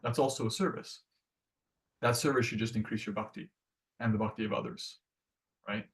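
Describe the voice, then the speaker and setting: A man's voice: lowish voice, normal speed, creaky. Earnest conversational man, slightly distant mic. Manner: conversational, earnest, full of restarts and "like". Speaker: devotional class speaker. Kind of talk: casual devotional class talk.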